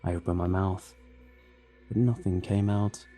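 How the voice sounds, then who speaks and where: A man narrating a horror story in a steady, dramatic scripted reading. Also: deep voice, unhurried, soft background music.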